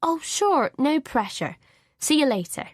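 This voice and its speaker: Woman doing a bright, breezy neighbour, pitched up, quick to bristle. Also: big pitch swings, no echo, studio quality. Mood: chirpy. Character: touchy friendly neighbour woman.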